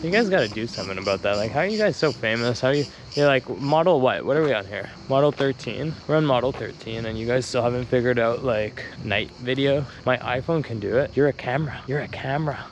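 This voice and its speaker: A man's voice: mid-range voice, lively intonation, fairly quick, few pauses, a little hiss or hum. A young man vlogging casually to an action camera while walking outdoors at dusk, rambling and joking as he talks to the camera. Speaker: travel vlogger. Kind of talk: casual vlog talk to camera. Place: outdoors on hillside streets at dusk. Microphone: handheld action camera.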